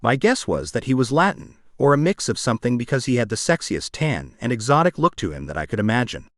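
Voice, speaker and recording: A male narrator reads a first-person audiobook in a wry, conversational way, his pitch rising and falling widely. The recording is close and dry, with no room sound. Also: big pitch swings, fast talker, no room sound.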